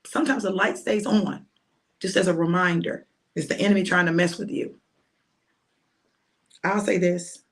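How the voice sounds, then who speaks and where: A woman's voice: on the low side, steady tone, moderate pace, pauses often. A woman minister preaching informally to her viewers, emphatic and repetitive, with colloquial phrasing. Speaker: minister giving a prophetic message.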